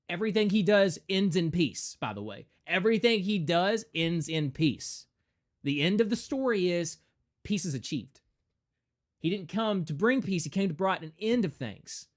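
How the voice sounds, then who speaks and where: A man with a high-pitched voice streams a game, talking casually and emphatically. He preaches in a lively, animated way and slips into mocking voices.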